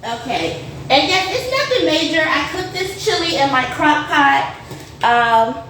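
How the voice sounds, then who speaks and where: Here the cooking-show host speaks in a high, sing-song voice, a little slowly, over music. She's chatty and upbeat while plating food for her livestream viewers, though her voice sits far from the mic in an echoey room with faint noise.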